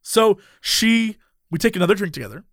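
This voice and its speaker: A young man telling a casual anecdote, animated and laughing often as he talks. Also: high-pitched, a little fast, dry recording, studio quality.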